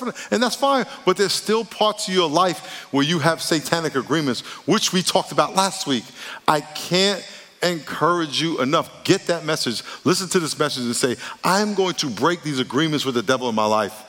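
A man's voice: fairly high pitch, animated, moderate pace, a bit bright. A man preaching a sermon as pastor, talking emphatically and straight to his congregation. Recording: church hall with long reverb.

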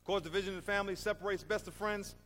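A man preaching a sermon in an animated, emphatic way, asking his congregation rhetorical questions. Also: sits high, rapid-fire. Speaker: pastor. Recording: reverberant hall.

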